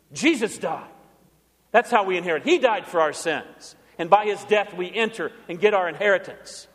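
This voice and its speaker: A man's voice: sits high, fairly bright tone. A man preaching a sermon as pastor, asking the congregation questions and answering them himself, in a church. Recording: long church reverb.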